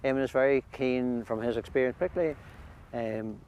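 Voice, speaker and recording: A man speaks outdoors at a water's edge, with faint noise around him. He talks thoughtfully and haltingly, often restarting his sentences as he explains things in an interview. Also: mid-range voice, darkish tone. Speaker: priest hosting pilgrims. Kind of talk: conversational interview. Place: outdoors at a lake shore.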